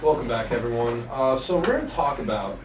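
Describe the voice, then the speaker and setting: A young man hosting a student radio show, chatting and joking with his cousins about family stories. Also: medium pitch. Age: young adult. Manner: joking, animated, quick bursts of mock outrage. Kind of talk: casual chat with family. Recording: echoey room, distant mic, faint hiss.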